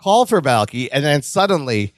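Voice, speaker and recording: A man's voice: mid-range voice, normal speed, dry recording, clean studio sound. A man co-hosting a podcast, casually recapping a sitcom episode and acting out the characters' lines. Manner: animated retelling, acting out lines in raised voices. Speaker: podcast co-host.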